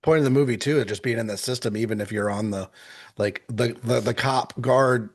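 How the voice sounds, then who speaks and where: A man on a podcast making a thoughtful, halting point about a film in casual chat. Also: medium pitch. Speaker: podcast co-host.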